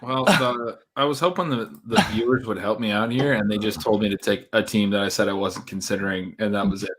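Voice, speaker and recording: A man's voice: on the low side, fairly even intonation, a little fast, slight background noise. A man co-hosting a casual podcast chat, thinking aloud as he weighs draft picks. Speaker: podcast co-host.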